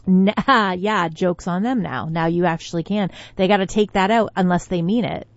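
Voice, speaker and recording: A woman's voice: fairly low pitch, moderate pace, dry recording, muffled recording. A woman co-hosting a morning radio show, chatting casually and often trailing off mid-sentence. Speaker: radio co-host.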